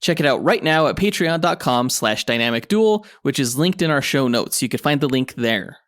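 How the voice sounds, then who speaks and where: A man's voice: mid-range voice, animated, moderate pace, a bit bright, no echo, clean studio sound. A man co-hosting a comic book podcast, reading show promos and chatting about news. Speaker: podcast co-host. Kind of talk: casual podcast chat.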